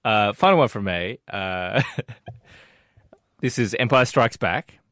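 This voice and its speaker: A man co-hosting breakfast radio, his pitch jumping around as he jokes. He sounds playful and laughs easily, recorded close on a dry studio mic. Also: slow pace, no room sound. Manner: playful, laughs often, lively. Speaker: radio co-host. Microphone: studio microphone.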